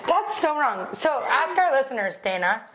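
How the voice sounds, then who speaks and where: A woman in her thirties co-hosting a podcast, telling stories in a teasing, animated way and laughing often. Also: sits high, moderate pace, heavy background noise. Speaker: podcast co-host. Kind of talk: casual chat.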